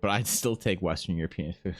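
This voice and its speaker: Low-pitched and brisk, a Ukrainian man chats on a livestream with soft background music. He reads and riffs in an animated way, full of swearing and pretend outrage.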